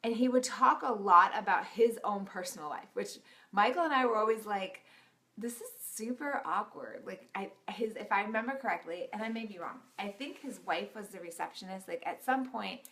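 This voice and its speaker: Brief: chatty woman vlogger, gravelly fry in her voice, casual storytelling. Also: mid-range voice, a little fast, sharp tone. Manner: giggly, chatty, with frequent laughs.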